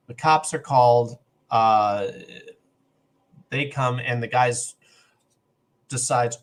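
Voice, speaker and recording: A man's voice: mid-range voice, slow pace, pauses often. A middle-aged man telling a long personal story on a podcast, acting out the other people's lines as he goes. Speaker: podcast co-host. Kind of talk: casual storytelling.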